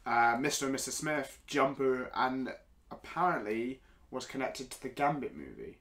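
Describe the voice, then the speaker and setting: English podcast co-host, young man, animated delivery, bright tone. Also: medium pitch, normal speed. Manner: animated, joking, swears casually. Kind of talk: casual chat.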